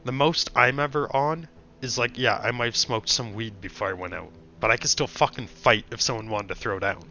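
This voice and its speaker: A man's voice: mid-range voice, a little fast, bright, forceful tone, a little hiss or hum. A young man streaming, telling a story in casual chat with blunt, profane ranting. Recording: dull lo-fi stream audio.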